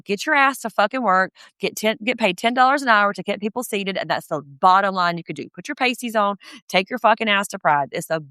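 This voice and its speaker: Gal ranting and cussing on a podcast, mid-pitch voice, dry close sound. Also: female voice, smooth, no room sound. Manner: profane, ranting, animated. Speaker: podcast co-host. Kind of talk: casual recap chat.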